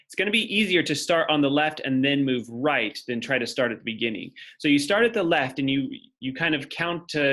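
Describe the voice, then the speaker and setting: A man's voice: medium pitch, a bit bright. Man teaching at a whiteboard. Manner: explanatory, thinks aloud while writing on a board. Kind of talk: classroom lecture.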